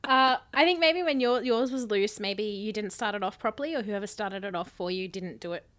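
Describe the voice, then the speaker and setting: A woman's voice: mid-range voice, a little fast, fairly bright tone. A woman co-hosting a podcast, joking cheekily and laughing in casual chat. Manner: cheeky, laughing, crude jokes. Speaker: podcast co-host.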